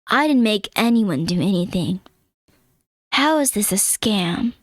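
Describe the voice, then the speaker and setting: A woman's voice: mid-range voice, animated, unhurried, dry recording, clean studio sound, pitched below the performer's own voice. A woman voicing a clingy young man while reading a visual novel aloud, pleading and whiny. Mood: defensive.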